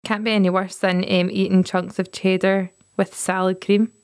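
A Scottish woman co-hosting a podcast, telling stories in an animated, chatty way. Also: medium pitch, moderate pace, clear, resonant tone. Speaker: podcast co-host. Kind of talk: casual chat.

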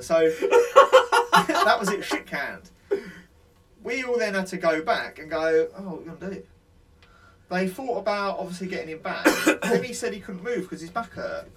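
A man, his voice sitting a little high, tells rambling, sweary army anecdotes in a relaxed chat. He laughs his way through the telling. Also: a little fast. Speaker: ex-soldier telling war stories. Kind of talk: casual podcast chat.

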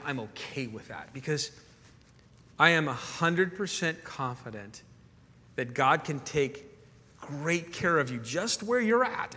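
A man's voice: medium pitch, sharp tone, husky. A man preaching a sermon as pastor, earnest, often repeating words as he builds a point. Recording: echoey hall reverb.

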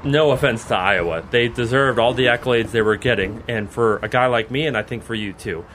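A man's voice: medium pitch, brisk, fairly bright tone, slight background noise. A man hosting a college football podcast, chatting casually in a joking, rambling way and laughing often. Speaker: podcast host. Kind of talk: casual sports chat.

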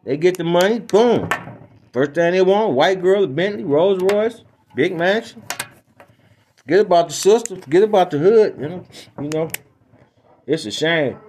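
Slight background noise accompanies a Detroit podcast host's high-pitched, darkish voice as he spins comic stories and opinions. He talks at a moderate pace with lively intonation and frequent pauses, rambling, repeating himself and speaking emphatically.

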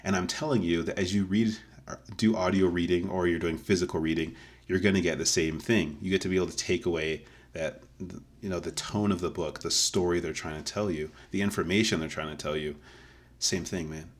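A man's voice: low voice, fairly even intonation, brisk. A man co-hosting a podcast, arguing playfully in casual chat and laughing often.

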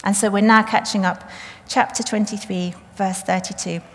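A woman preaches a sermon in a conversational way, plainly retelling the story with fillers and reading scripture aloud. Her medium-pitched voice keeps a fairly even intonation and moderate pace, with the long reverb of a church hall.

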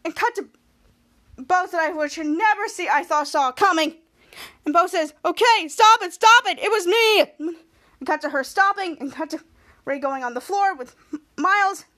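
High bright-voiced woman recapping a show. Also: normal speed, long pauses. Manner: retells scene by scene with repeated "cut to", acts out lines. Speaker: podcast host. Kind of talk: casual episode recap.

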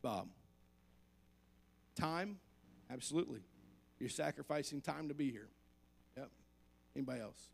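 A man's voice: medium pitch, unhurried, creaky, pauses often. A male pastor preaching a conversational sermon, asking the congregation questions and joking along the way.

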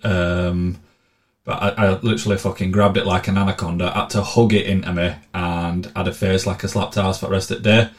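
A man's voice: low voice, level tone, fairly quick. A man telling blunt, sweary, sardonic travel stories in a casual monologue. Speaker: vlogger.

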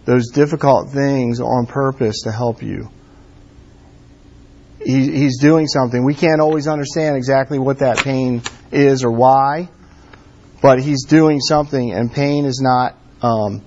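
A man preaching a casual, conversational sermon, filling his talk with "like" and "um" and pressing his points with warm emphasis. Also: medium pitch. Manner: conversational, many fillers like "like" and "um". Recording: dull lo-fi sound.

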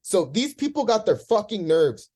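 A man's voice: sits high, sing-song, normal speed, a little mellow. A man in a podcast discussion, talking in an impassioned, profane rant, visibly emotional.

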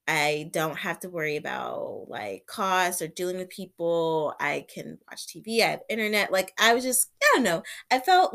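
A woman's voice: on the low side, a bit bright. A young woman vlogging in a casual storytelling style, chatty and full of "like", acting out her own reactions while sick with covid. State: sick with covid and an ear infection.

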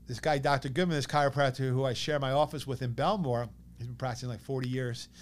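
A man in his thirties with a New York accent, telling a personal story as a podcast guest in an animated way, acting out what others said. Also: medium pitch, fast. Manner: animated, quotes others in lively bursts.

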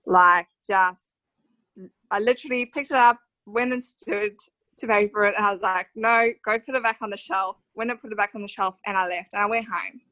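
A woman's voice: medium pitch, steady tone, normal speed, bright, forceful tone, no room sound, rough recording. A woman in her thirties with an Australian accent, telling her personal story as a podcast guest in a heartfelt, emotional way with many fillers. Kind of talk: conversational storytelling interview.

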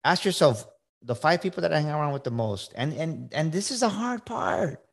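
A man's voice: fairly high pitch, sing-song, normal speed, vocal fry, slightly rough. A middle-aged man on a podcast, giving casual motivational advice in an emphatic way, often repeating words and checking in with "right?". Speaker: podcast guest, coach.

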